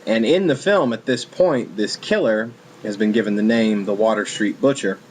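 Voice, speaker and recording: Deep-voiced man rambling through a review. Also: normal speed, a little hiss or hum, low-quality recording. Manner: rambling, many ums and restarts. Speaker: film reviewer. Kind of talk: casual spoken film review.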